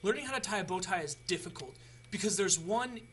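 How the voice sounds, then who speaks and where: Bright-voiced young man, chatty tutorial. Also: high voice, animated, brisk, breathy edge. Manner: rambling, chatty, many restarts. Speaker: tutorial host. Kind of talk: casual how-to video.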